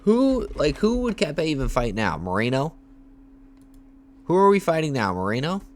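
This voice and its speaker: A young man livestreaming casual commentary, talking in hyped, repetitive bursts with slang and shout-outs to viewers. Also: fairly high pitch, very animated, normal speed. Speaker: MMA livestreamer.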